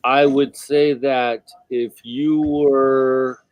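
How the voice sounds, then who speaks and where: A man's voice: mid-range voice, little pitch movement, drawn-out words, darkish tone, no echo. Blunt, cursing man, close dry mic. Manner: blunt, swears a lot, teasing. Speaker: livestream co-host. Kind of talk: casual livestream chat.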